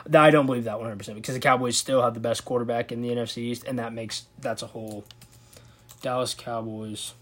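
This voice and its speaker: A man with a husky, somewhat breathy voice and a mid-range pitch hosts a casual sports commentary video. He thinks aloud and reacts with open disbelief as he goes. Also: steady tone, quick pace, a bit bright. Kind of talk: casual commentary on a football draft.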